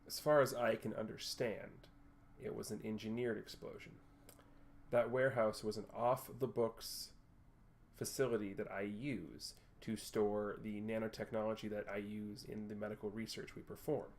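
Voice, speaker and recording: A man voicing a self-assured wealthy male tech executive who talks in a polished, measured, slightly condescending way in a tabletop game. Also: fairly low pitch, flat delivery, lightly acted. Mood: composed.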